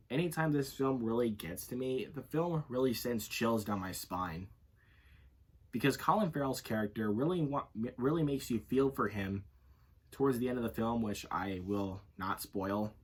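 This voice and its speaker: Husky-voiced man rambling through a review. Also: mid-range voice. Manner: rambling, self-correcting, leans on filler phrases. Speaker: movie reviewer. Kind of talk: casual unscripted movie review.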